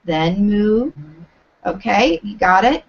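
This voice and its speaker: A woman teaching yoga teacher trainees over a video call, giving clear, deliberate instructions. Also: mid-range voice, very animated, dull audio. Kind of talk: live online teacher training.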